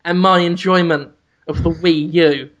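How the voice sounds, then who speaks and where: A man co-hosting a casual comedy podcast, listing absurd complaints in a deadpan, mock-serious way. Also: a little high, moderate pace. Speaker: podcast co-host.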